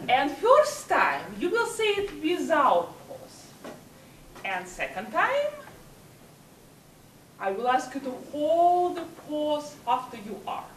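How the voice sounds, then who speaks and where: Slow, emphatic woman with a high, lively voice. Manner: slow, emphatic delivery with swooping pitch. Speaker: speaker at a public speaking club. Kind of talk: leading speaking exercises. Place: meeting hall. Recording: echoey hall from far off, faint hiss.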